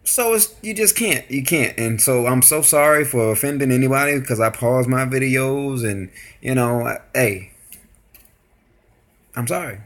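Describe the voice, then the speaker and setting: A man's voice: mid-range voice, measured pace, a bit bright. A man hosting a reaction video, chatting casually to camera in a rambling, apologetic way.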